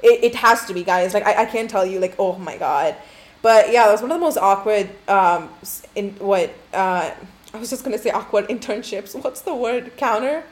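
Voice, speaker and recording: A woman's voice: mid-range voice, moderate pace. Profane rambling young woman storyteller. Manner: profane, candid, rambling with many likes. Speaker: podcast host. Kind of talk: casual storytelling to listeners.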